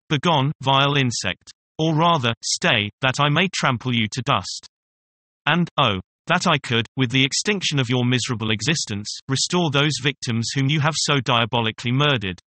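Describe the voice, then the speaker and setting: A man's voice: mid-range voice, normal speed, sharp tone, no room sound, close to an everyday voice. A man reading the part of a proud, vengeful young male scientist, in an impassioned, declamatory way. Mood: furious.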